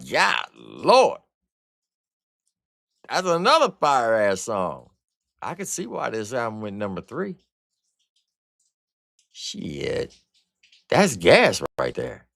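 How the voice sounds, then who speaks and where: A deep-voiced man reviews an album live for his chat, unhurried and swooping up and down in pitch as he reacts. His talk is blunt, slangy and profane, and the sound is dry and close with no room around it. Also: huge pitch swings, creaky, a bit bright, no echo. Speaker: music reviewer and streamer host. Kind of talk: casual livestream album review.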